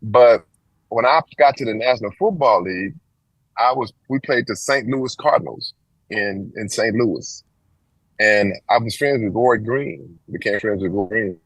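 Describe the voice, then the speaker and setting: At a measured pace, this sixty-something man from Texas tells an interviewer a long story from his life, lively in delivery and acting out quoted voices with sharp pitch jumps. The rough recording has no room sound.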